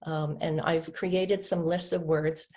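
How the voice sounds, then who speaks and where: A woman presenting a literacy webinar, patiently explaining and modeling words slowly for students to repeat and clap. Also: low voice, little pitch movement, darkish tone. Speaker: literacy instructor. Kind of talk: webinar teaching demonstration.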